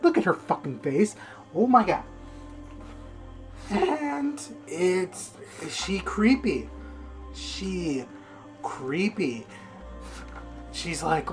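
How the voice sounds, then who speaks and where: A man's voice: sits high, very animated, drawn-out words, long pauses, soft background music. A young man giving a casual, rambling video review of a manga, swearing constantly and getting worked up as he retells the story.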